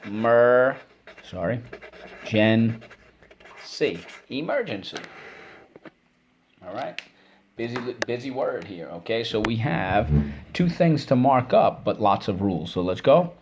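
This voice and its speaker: A man's voice: mid-range voice, expressive, slow pace, pauses often, noisy background. A man teaching a spelling and phonics lesson, encouraging and repeating each word for students to say back.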